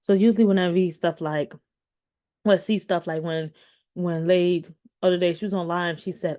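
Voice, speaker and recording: A woman's voice: on the low side, steady tone, a little fast, a little mellow. A woman in her thirties giving casual commentary to her viewers, rambling with many restarts and fillers. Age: 30s. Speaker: commentary vlogger.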